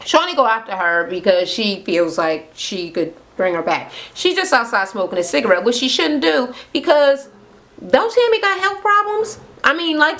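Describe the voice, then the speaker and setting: A woman's voice: fairly high pitch, fairly bright tone. Sassy woman recapping reality TV. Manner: blunt and sassy, with slangy asides. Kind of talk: casual, profane recap chat. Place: indoor room with ring light. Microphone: camera mic at close framing.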